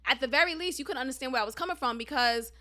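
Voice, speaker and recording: High, bright-voiced woman telling a story. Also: very fast. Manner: emphatic, animated, profane, addresses listeners as y'all. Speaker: podcast host. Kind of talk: casual storytelling monologue.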